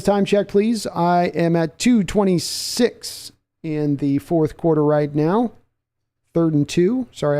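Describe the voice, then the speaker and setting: A man's voice: fairly high pitch, warm tone. A man hosting a live sports podcast, calling play-by-play in a chatty manner and answering viewer comments. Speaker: podcast host.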